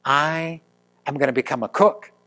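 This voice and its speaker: Man doing eager schoolboy, pleading, hopeful, sermon story, slightly high voice. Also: normal speed, vocal fry, bright, forceful tone. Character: eager young schoolboy who hates reading.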